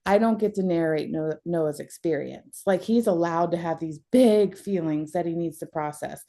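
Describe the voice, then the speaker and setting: Candid, emotional woman with a mellow voice. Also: fairly low pitch, moderate pace. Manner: emotional, laughs often, blunt and expressive. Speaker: counseling client. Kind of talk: candid counseling conversation.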